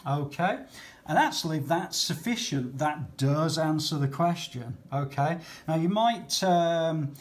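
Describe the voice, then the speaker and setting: A man's voice: fairly high pitch, expressive, takes it slowly. Chatty man teaching maths. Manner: chatty, patient, says okay often. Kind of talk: talking through exam questions.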